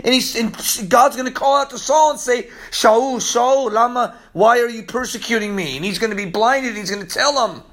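A man preaching a sermon in a casual, slangy way, swinging from loud emphasis to hushed asides. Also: very high-pitched, moderate pace, few pauses.

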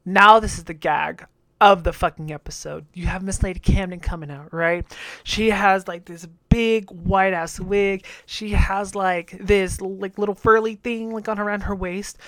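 A woman hosting a casual recap of a TV episode, talking bluntly and campily, swearing often and getting loud when excited. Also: medium pitch, unhurried, no room sound. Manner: blunt, campy, swears a lot. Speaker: show recap host. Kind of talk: casual profane TV recap commentary.

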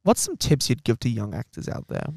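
A man's voice: medium pitch, huge pitch swings, a little fast, vocal fry, no room sound, studio quality. A man hosting a podcast interview, talking bluntly and emphatically, with some swearing. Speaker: podcast host. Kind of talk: casual interview chat.

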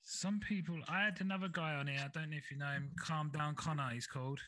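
A man's voice: fairly high pitch, fairly even intonation, fast talker, pushed and bright, poor audio. A man hosting a podcast in casual chat, speaking in a laid-back way and often asking "do you know what I mean?". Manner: laid-back, chatty, asks for agreement. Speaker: podcast host.

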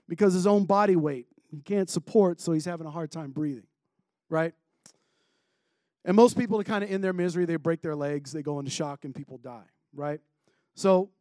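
A man's voice: high-pitched, a little mellow, no room sound, studio quality. A man teaching a Bible passage in a casual sermon, reading scripture aloud and breaking off with chatty asides and laughs. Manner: conversational, self-interrupting, laughs between points.

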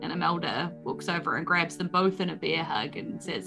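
A woman's voice: sits low, moderate pace, vocal fry, pushed and bright, soft background music. A woman narrating a tabletop game as game master in casual, filler-heavy talk.

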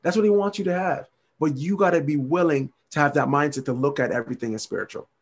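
A man sharing his faith testimony as a podcast guest, earnest and repetitive. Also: a little high. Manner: earnest, repetitive, fast-talking.

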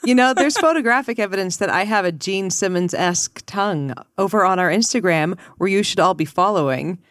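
A woman's voice: medium pitch, a little fast, dry recording, clean studio sound. A woman co-hosting a comedy podcast, laughing often and joking bawdily in casual chat. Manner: laughing, animated and bawdy. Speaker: podcast co-host.

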